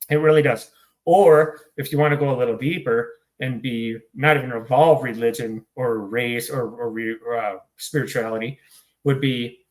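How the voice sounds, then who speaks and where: A man speaking as an interview guest about recovery, telling his story candidly in a blunt, profane, hyper way. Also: mid-range voice. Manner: hyper, rapid-fire delivery.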